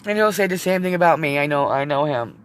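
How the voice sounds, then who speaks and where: A woman's voice: sits low, animated, quick pace, clear, resonant tone. A middle-aged woman chatting on a live vlog from inside her van, rambling, emotional and teary at times, with some swearing. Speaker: vlogger. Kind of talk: casual live-stream chat.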